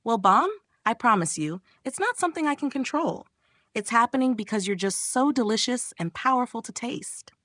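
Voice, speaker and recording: A woman's voice: a little high, animated, normal speed, fairly bright tone, no room sound, voice pushed up. A woman voicing a cocky young man who smirks and teases his sister, in a smug, teasing tone.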